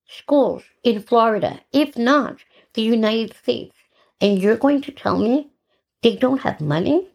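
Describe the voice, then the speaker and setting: A middle-aged woman hosting a podcast, telling her own story in an animated, sarcastic way and acting out the dialogue. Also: fairly high pitch, measured pace, creaky. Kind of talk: personal storytelling monologue.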